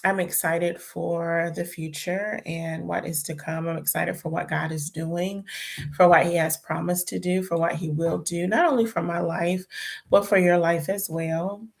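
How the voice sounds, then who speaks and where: The host is a young woman with a fairly low, steady voice marked by vocal fry, talking at a measured pace. Her casual livestream chat is chatty and prayerful, she refers to viewers as "y'all," and her voice sounds tired.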